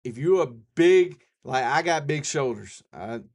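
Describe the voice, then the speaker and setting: A man with a Southern US accent, hosting a live stream and answering viewers' questions in a folksy, rambling way, thinking out loud as he goes. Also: mid-range voice, animated, a little slow. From South Carolina. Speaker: outdoors channel host.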